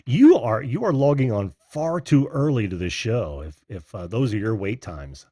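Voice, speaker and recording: A man's voice: medium pitch, sing-song, moderate pace, warm tone, dry recording, studio quality. A man hosting a call-in show in a casual, friendly way, laughing often and talking with many fillers. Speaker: host.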